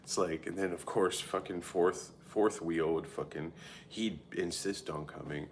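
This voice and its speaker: Streamer, man, 30s: very low, gravelly voice, candid and profane, loose rambling talk to chat. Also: unhurried, a little hiss or hum. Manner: frequent filler "like" and self-interrupting. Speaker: live streamer. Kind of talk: casual chat answering viewers.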